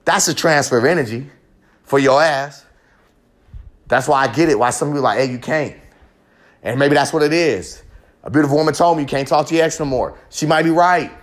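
A young man pours out a raw confessional monologue on his own podcast. His voice sits a little high, and he swears constantly. He rambles and repeats himself as his passion builds. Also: fairly quick, long pauses. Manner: profane, impassioned, rambling. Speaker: podcast host.

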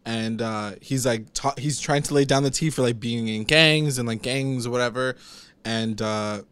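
A man's voice: mid-range voice, moderate pace, a bit bright, smooth, no echo. A young man casually recapping a TV episode, rambling with lots of filler words and frequent laughs. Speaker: podcast co-host recapping a TV episode. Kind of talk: casual chat.

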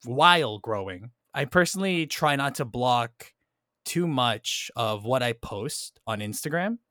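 A man's voice: mid-range voice, lively intonation, measured pace, bright, forceful tone, dry recording, clean studio sound. A man hosting a casual film discussion podcast, thoughtful and checking in often with "right?" and "like". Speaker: podcast host.

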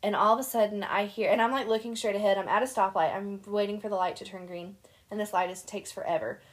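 Animated young woman telling stories. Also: medium pitch, fast. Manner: animated storyteller, laughs often. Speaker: podcast co-host. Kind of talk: casual chat.

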